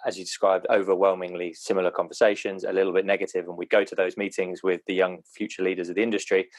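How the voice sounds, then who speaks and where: A man's voice: deep voice, flat delivery, fast, no room sound. A man who is a guest on a podcast, recounting how he first got involved. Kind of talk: casual podcast chat.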